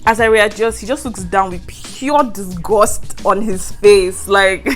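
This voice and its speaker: A young Nigerian university student vlogger, speaking Nigerian-accented English in a mid-range voice, tells a university story in a storytime vlog. She talks slowly with few pauses and laughs often, while faint music plays behind her.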